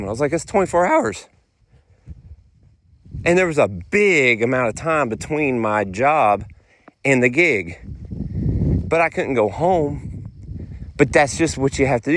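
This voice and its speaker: A man's voice: medium pitch, slight background noise. A middle-aged man, rambling through a casual podcast monologue in folksy phrasing. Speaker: podcast host.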